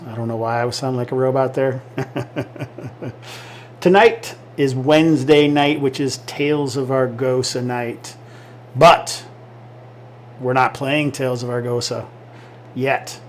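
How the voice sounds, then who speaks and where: A man's voice: mid-range voice, flat delivery, a little slow, pauses often, a little hiss or hum. A man hosting a tabletop game livestream, chatty and upbeat, often laughing. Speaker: game master and stream host. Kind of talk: casual livestream introduction.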